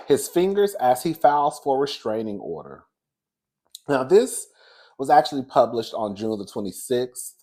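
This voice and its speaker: A man hosting casual gossip commentary, chatty and animated, calling listeners "girl" and "baby.". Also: medium pitch, moderate pace. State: out of breath. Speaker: commentary host.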